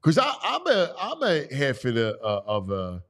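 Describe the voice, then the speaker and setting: A man's voice: medium pitch, wildly swooping pitch, normal speed, a bit bright. A middle-aged man hosting casual sports talk, opinionated and prone to stammering restarts. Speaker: sports talk show host.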